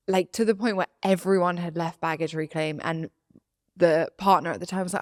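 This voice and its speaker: A young woman co-hosting a podcast, telling a personal story in casual chat, animated and laughing as she acts out quotes. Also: lowish voice, fairly quick, no room sound, studio quality. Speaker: podcast co-host.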